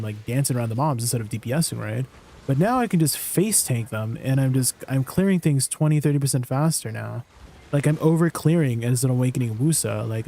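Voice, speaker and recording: A man's voice: mid-range voice, mellow. Chatty young man streaming a game. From Canada. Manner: chatty, answers chat questions, laughs at himself. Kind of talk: casual live-stream chat.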